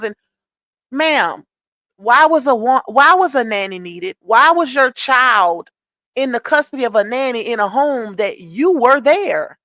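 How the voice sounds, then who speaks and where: A woman streams casual commentary, pressing her viewers with emphatic rhetorical questions. Her voice sits a touch high. The sound is dry and close, with no room in it. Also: animated, measured pace, a bit bright, no room sound.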